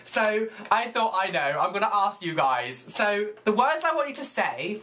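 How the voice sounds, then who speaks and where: A young man with a British accent vlogging in a gushing, expressive way, rambling with lots of fillers. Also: high voice, normal speed, a little hiss or hum. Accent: British English. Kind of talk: casual chatty vlog.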